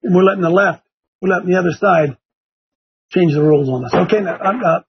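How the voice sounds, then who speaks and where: A man's voice: high voice, fast, a little hiss or hum. An older man from Ohio hosting a religious talk show, emphatic and repeating his points for effect. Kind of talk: preachy talk-show commentary. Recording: dull lo-fi sound.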